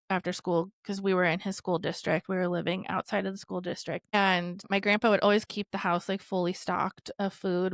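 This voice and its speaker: A woman's voice: mid-range voice, a bit bright, no room sound, clean studio sound. A woman podcast host telling her own story candidly, rambling with lots of "like" and swearing freely.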